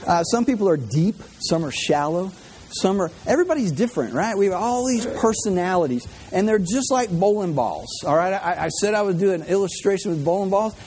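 A man's voice: high voice, animated, fairly quick, darkish tone, slight background noise. A man preaching a humorous sermon in a church, chatty, repeating words and tossing in jokey asides.

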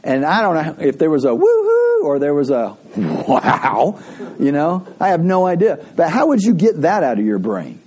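A man preaching from the pulpit in a husky, mellow voice pitched a little high. His delivery swings up and down with lively intonation, chatty and storytelling, laughing as he goes. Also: normal speed. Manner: conversational, animated storytelling with frequent laughs. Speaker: pastor. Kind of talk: sermon.

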